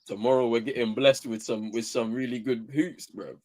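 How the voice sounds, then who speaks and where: A man with a British accent, co-hosting a casual basketball watchalong, excitable and stammering. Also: mid-range voice, moderate pace. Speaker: co-host of a sports watchalong. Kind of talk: casual chat.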